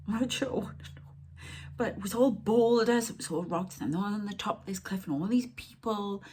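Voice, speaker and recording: A middle-aged woman, a psychic medium rambling through a spiritual channelling monologue that drifts into hushed whispered asides. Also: mid-range voice, moderate pace, a little hiss or hum.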